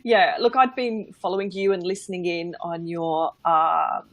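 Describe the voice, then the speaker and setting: This middle-aged Englishwoman has a fairly low voice and a measured pace, recorded with no echo. Appearing as a guest on a live stream, she chats casually about her work as a mindset coach, with plenty of ums and easy laughter.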